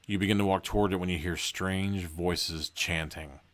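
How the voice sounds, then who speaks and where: A man's voice: low voice, steady tone, moderate pace, a bit bright. A man hosting a podcast, casually reading a horror gamebook aloud and breaking off for joking asides. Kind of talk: casual read-aloud with commentary.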